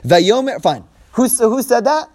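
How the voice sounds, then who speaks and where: A man's voice: extremely high pitch, very animated, moderate pace, darkish tone. A man teaching a text-study class, who reads verses aloud, translates them line by line, acts out the quoted speakers and keeps checking in with his listeners. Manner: explains step by step and checks in with "right?". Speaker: Bible teacher.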